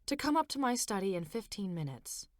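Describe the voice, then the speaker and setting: A woman voicing a young mother who speaks softly and carefully, gently anxious. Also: mid-range voice, big pitch swings, a little fast, no room sound, clean studio sound, natural voice. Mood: gentle. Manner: soft and careful.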